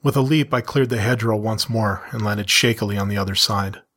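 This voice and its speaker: A middle-aged man with a lowish voice reads a first-person story of his own in a steady, measured way, then speaks frankly to his listeners.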